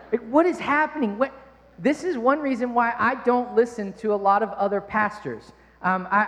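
A man's voice: sits high, a bit bright. A man preaching a sermon in church, talking in a conversational way with playful asides. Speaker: pastor. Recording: long reverb of a large hall.

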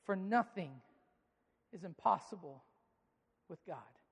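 Preaching slowly in a high, husky voice with vocal fry, a pastor animatedly coaxes his live congregation to clap and echo his phrases. The large church auditorium lends the recording a long reverb.

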